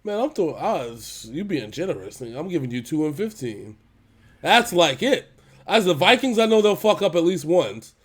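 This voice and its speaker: A man co-hosting a casual football talk show, exasperated and swearing freely, breaking into quick laughs. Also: on the high side, big pitch swings, husky. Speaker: podcast co-host. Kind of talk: casual sports chat.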